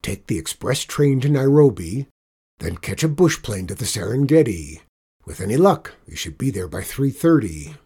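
A man reading a storybook aloud and voicing a stern, gray-bearded ship captain who talks in a gruff, commanding way. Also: medium pitch, very animated, moderate pace, warm tone, exaggerated voice.

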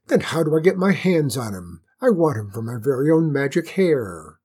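A storyteller voicing a spoiled, bossy queen who barks orders in a shrill, commanding way. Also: sing-song, normal speed, mellow, slightly rough. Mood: imperious. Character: spoiled haughty queen, bossy and quick-tempered.

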